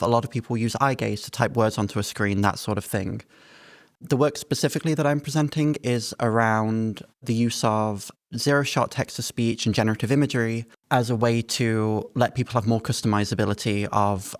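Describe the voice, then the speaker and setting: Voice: mid-range voice, no echo. A researcher speaks earnestly about their project in a conversational interview, now and then restarting a sentence. The recording is dry and close. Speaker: researcher guest.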